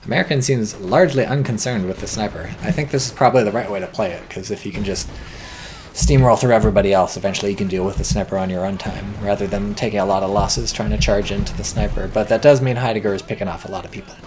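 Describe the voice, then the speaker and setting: A man's voice: on the low side, steady tone, fast talker, darkish tone, a little hiss or hum. Wry, swearing male game commentator. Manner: wry, offhand, swears casually. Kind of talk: casual live-stream game commentary.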